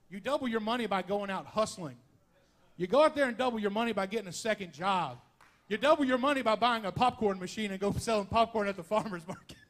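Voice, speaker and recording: Male pastor, high voice, folksy animated sermon with jokes and asides. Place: church sanctuary.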